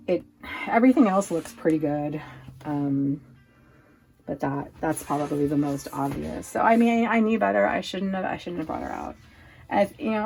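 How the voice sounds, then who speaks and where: Woman from Oregon, low gravelly voice, chatty rambling home vlogger. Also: darkish tone. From Oregon, USA. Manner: chatty, rambling, laughs often. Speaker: lifestyle vlogger. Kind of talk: casual chat to camera.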